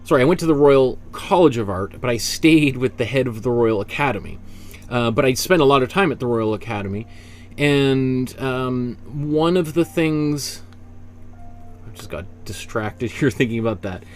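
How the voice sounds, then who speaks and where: A man's voice: medium pitch, moderate pace, soft background music. Chatty, rambling male art teacher. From Canada. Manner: rambling, self-correcting, chatty with frequent fillers. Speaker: art instructor. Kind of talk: casual teaching talk.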